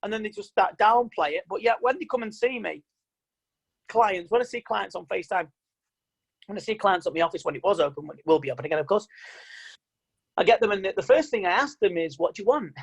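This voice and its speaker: A man's voice: high voice, fast talker, slightly rough, poor audio. Chatty man coaching online. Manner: animated, chatty, quotes people in mock voices. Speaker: mind coach. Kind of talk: online seminar talk. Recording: video call audio.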